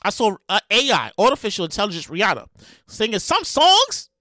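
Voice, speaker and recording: A podcast host, heard as a woman, ranting excitedly, often stammering and repeating herself, sometimes shouting and making dramatic outbursts. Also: medium pitch, fairly quick, no room sound. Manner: sound effects and dramatic outbursts. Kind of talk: excitable comedic rant.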